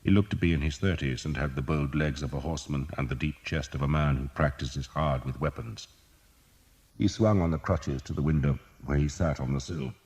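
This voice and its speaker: A man narrating an audiobook in a measured, even storytelling manner. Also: rumbling low, long reverb tail. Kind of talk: scripted narration.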